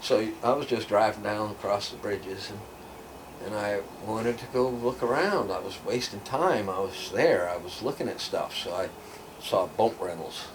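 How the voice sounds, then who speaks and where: Here the older storyteller guest talks at a moderate pace, his voice on the low side, spinning loose, casual tales where he mimics others and lowers to almost a whisper for side remarks. It's captured from a distance, with background noise audible.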